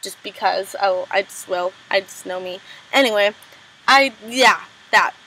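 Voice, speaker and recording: A young woman casually recapping a TV episode, full of "like" and "um", quickly acting out characters' lines. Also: mid-range voice, bright, forceful tone, a little hiss or hum, poor audio. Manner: chatty, lots of "like" and "um", acts out lines in quick impressions. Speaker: recap vlogger.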